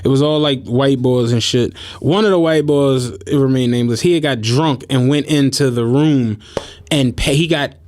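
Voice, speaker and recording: A man hosting a podcast, telling stories in casual chat, animated and often laughing as he acts out what people said. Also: medium pitch, normal speed. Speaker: podcast host. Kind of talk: casual storytelling.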